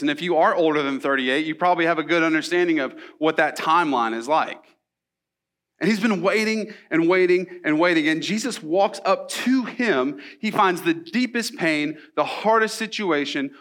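A young adult man, a pastor, preaches a sermon in a casual storytelling style full of asides and rhetorical questions. His voice sits a little high with a fairly bright tone.

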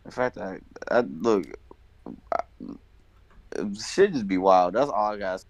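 A young man chatting casually with friends, animated and swearing, with lots of filler words. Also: on the low side, takes it slowly, no echo, lo-fi sound. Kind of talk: casual chat among friends.

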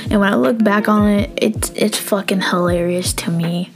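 A young adult woman telling a story casually, animated and profane, acting out dialogue and sometimes dropping into a whisper. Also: mid-range voice, moderate pace. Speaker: vlogger.

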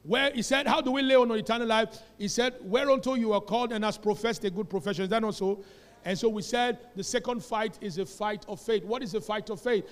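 A man preaching a sermon in a church, animated, often calling the congregation to repeat his words. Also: high voice, a little fast. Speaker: pastor. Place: church sanctuary. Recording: long church hall reverb.

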